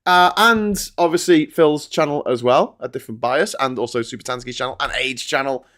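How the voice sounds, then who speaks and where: A man's voice: medium pitch, a little fast, a bit bright. A man hosting a casual live stream, chatty and laughing easily as he reads out viewer comments. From Britain. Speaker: host.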